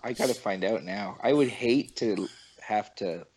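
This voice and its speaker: A man's voice: fairly low pitch, measured pace, a little mellow, husky, low-quality recording. A man from Canada co-hosting a podcast, reading out search results and reacting with groans. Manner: reads aloud while searching, groaning reactions. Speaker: podcast co-host. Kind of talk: casual chat.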